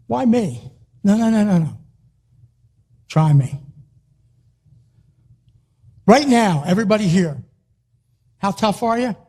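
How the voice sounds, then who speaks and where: An older man giving a motivational speech to an audience, emphatic and repetitive, sometimes rising to a shout. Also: sits high, slightly rough. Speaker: motivational speaker.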